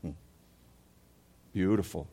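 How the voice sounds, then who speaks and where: Male pastor mid-sermon, lively call-and-response delivery, long hall reverb. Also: slow. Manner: animated preaching, leads congregation call-and-response.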